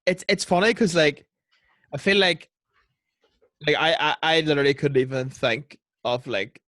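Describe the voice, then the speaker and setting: A man's voice: a little high, animated, moderate pace, a bit bright, no echo. A young adult man, a comedian chatting casually over a video call, rambling with lots of restarts and "like". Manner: rambling, full of restarts and filler "like". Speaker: comedian podcaster. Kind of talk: casual chat.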